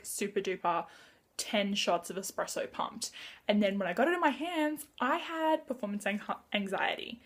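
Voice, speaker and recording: A woman chatting excitedly through a casual book wrap-up vlog, gushing and chatty. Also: fairly high pitch. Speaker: book vlogger.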